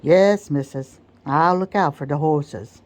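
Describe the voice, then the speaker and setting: A sly servant man full of playful cunning, drawling his words in a thick dialect, as a woman puts him on in whispered role-play. The voice sits low and soft for a storybook reading. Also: takes it slowly. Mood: wheedling. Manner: dialect-heavy, drawling, teasing.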